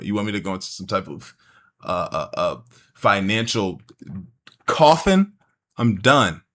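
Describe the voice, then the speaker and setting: A man's voice: fairly low pitch, sing-song, measured pace, long pauses, a bit bright. A man streaming a casual reaction, talking bluntly and jokingly with slang and swearing.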